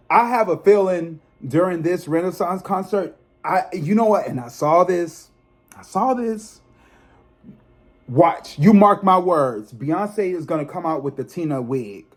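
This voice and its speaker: A man's voice: on the high side, husky. A man in his thirties hosting his own video channel, chatting casually with viewers and breaking into emphatic, profanity-laced rants. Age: 30s. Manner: animated, emphatic ranting with frequent profanity; chatty, addresses viewers directly as y'all. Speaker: psychic tarot reader and channel host. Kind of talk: casual vlog talk to viewers.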